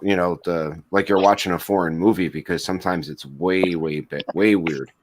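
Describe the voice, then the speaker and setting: A man hosting a casual live-stream chat, talking haltingly with many restarts and fillers. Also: deep voice, fairly even intonation.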